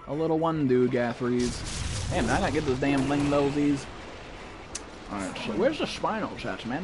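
A male gaming streamer riffing live with viewers, loose and profane, tossing "bro" and "dude" into everything. His voice sits at an ordinary middle pitch. A steady wash of noise runs under the recording. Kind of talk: casual live-stream commentary.

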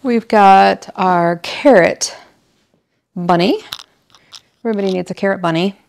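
A woman's voice: mid-range voice, measured pace, gravelly, darkish tone. A middle-aged woman chatting casually at home while she decorates, laughing often and telling little stories. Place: home, indoors.

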